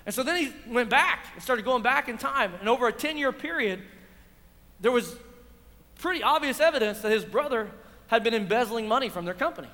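A man's voice: very high-pitched, expressive, brisk, bright, forceful tone. Man, pastor, sermon, rhetorical questions, long church-hall reverb. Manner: preaching with rhetorical questions to a congregation.

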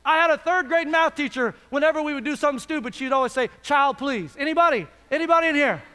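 Male pastor, sermon, very high bright voice, long hall reverb, rhetorical questions, loud-to-hushed swings. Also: rapid-fire. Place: large church hall.

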